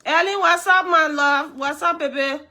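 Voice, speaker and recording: A Liberian woman hosting a live stream, her voice hoarse from a cold yet high and bright. She talks straight to her viewers, greets them by name and drives her points home by repeating them again and again. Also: moderate pace. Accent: Liberian English.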